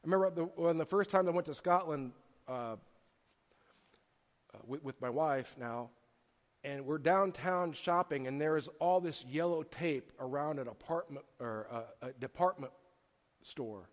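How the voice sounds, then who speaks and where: Middle-aged man, pastor giving a sermon; animated, stumbling restarts, fairly high voice, reverberant church. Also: unhurried. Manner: animated storytelling with repeated restarts. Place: church sanctuary. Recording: long hall reverb.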